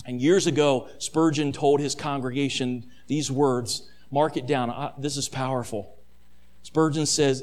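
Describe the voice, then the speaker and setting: A male pastor preaching a dramatic sermon, calling his listeners family and swinging between hushed and loud passages. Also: mid-range voice, steady tone, unhurried.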